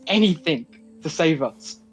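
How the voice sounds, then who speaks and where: A man's voice: fairly high pitch, lively intonation, unhurried, slightly rough, faint music behind, voice pushed up, poor audio. A man playing a desperate young paladin who begs a divine being for help in urgent, pleading tones.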